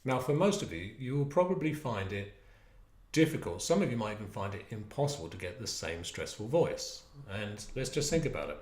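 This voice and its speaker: A man's voice: lowish voice, roomy sound. A man leading listeners through a stress management exercise, coaxing and drawing out words. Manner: animated, coaxing, drawn-out words. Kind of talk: guided exercise instruction.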